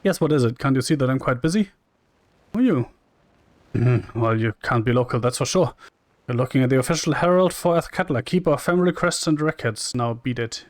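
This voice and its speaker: A man's voice: medium pitch, fast, no echo. A man casually commenting on a role-playing game, reading the dialogue aloud in a wry, chatty way. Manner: wry and chatty, reads lines flatly and jokes.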